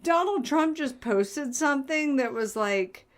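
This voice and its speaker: A woman's voice: high voice, animated, a little slow. A young adult woman co-hosting a podcast, blunt and sarcastic in casual chat, laughing often. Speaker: podcast co-host.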